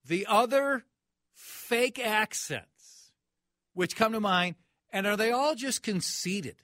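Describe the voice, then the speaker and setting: Sports talk radio guy, highish voice, bouncy, ranting and mocking. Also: expressive, takes it slowly, pushed and bright, dry recording, clean studio sound. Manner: mocking, incredulous rants. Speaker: radio talk show host.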